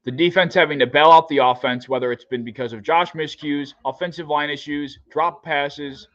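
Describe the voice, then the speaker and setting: A man's voice: fairly high pitch, steady tone, normal speed, dull audio. A man hosting a livestream, reacting live to a football game with exasperated, groaning fan outbursts.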